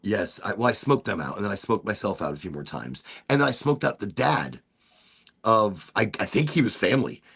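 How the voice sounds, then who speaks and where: A man's voice: fairly low pitch, big pitch swings, brisk, vocal fry, fairly bright tone, slightly rough. A man hosting a casual chat, telling a story with lots of swearing and putting on mock British voices for the people he quotes. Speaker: host.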